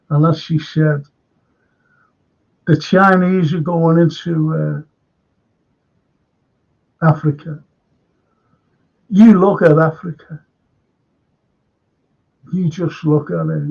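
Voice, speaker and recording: An older Liverpudlian man hosts a casual live stream, his voice gravelly and husky and pitched a little high for a man. He rambles through opinions and greets chatters by name, and it all comes through dull, lo-fi stream audio. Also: a little mellow. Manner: rambling, chatty, greets viewers and reads chat comments. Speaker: live stream current affairs host.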